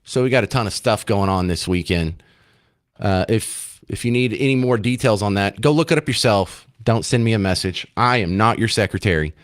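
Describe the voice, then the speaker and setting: A man's voice: on the low side, expressive, moderate pace, dry recording, clean studio sound. A man hosting a talk radio show, chatting in a rambling, self-mocking way. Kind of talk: casual talk radio monologue. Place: radio studio.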